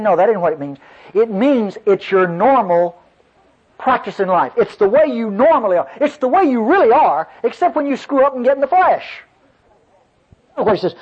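A man's voice: sits high, expressive, moderate pace, husky. A man preaching a folksy sermon to his congregation, telling a story and calling out to the listeners. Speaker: pastor. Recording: dull lo-fi sermon recording.

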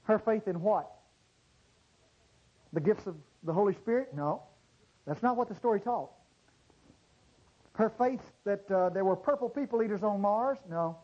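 High-voiced emphatic male preacher. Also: lively intonation, slightly rough, highs cut off. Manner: emphatic, swinging from low murmurs to loud high exclamations; drawn-out stressed words. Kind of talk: sermon. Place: church service before a congregation.

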